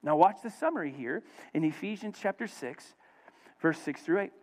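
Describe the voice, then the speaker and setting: A middle-aged man preaching a sermon, swinging between loud emphasis and hushed storytelling. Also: on the high side, expressive, moderate pace. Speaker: pastor.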